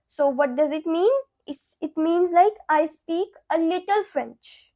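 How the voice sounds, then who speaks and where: A woman's voice: extremely high pitch, unhurried, mellow. A young woman from India, teaching a beginner French lesson and repeating each phrase twice.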